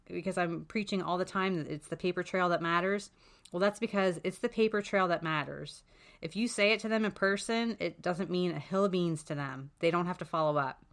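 A woman's voice: lowish voice, fairly bright tone. A woman talking candidly as a parent advocate, giving casual, frank advice and swearing freely.

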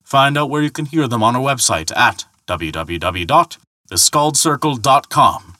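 A man telling a myth as scripted narration, in a measured storytelling manner. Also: medium pitch, lively intonation, pushed and bright, dry recording, clean studio sound.

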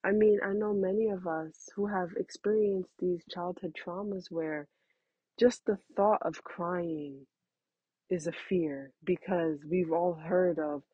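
Slow, husky-voiced woman giving parenting advice. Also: on the low side, steady tone, dry recording. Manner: earnest, chatty, laughs often. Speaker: parenting host. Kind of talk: casual advice talk. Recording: dull lo-fi sound.

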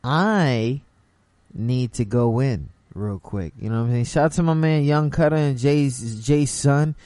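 A man's voice: mid-range voice, unhurried, dark tone. A young man hosts a casual late-night show. He rambles loosely and keeps asking "you know what I'm saying". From the Bronx, New York. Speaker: host.

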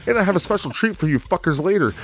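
A man co-hosting a game review, ranting angrily and swearing constantly, laughing between insults. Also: high-pitched. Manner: angry, foul-mouthed, laughs between jabs. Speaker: co-host reviewing a video game. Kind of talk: profane comedic rant.

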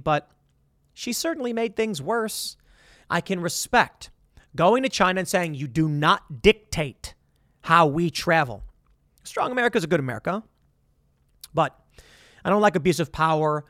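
A man with a notably high voice delivers an opinionated commentary monologue. He is blunt and sarcastic and argues his points with rhetorical questions. The recording is close and dry. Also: fairly bright tone, no room sound. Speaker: political commentator.

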